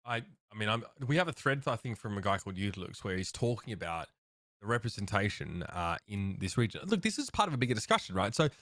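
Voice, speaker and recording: Lively, questioning podcast co-host man. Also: lowish voice, fast talker, no room sound, studio quality. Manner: quizzical, questioning, loose and joking. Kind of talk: casual podcast chat.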